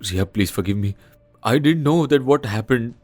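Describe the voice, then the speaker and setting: An actor playing a guilty, cheating husband who sounds flustered and pleading. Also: male voice, medium pitch, animated, normal speed, a little mellow, no echo, soft background music, close to an everyday voice.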